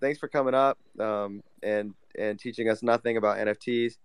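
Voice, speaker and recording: Low, smooth-voiced male host. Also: fairly even intonation, moderate pace, no echo. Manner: laid-back, joking. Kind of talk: casual chat.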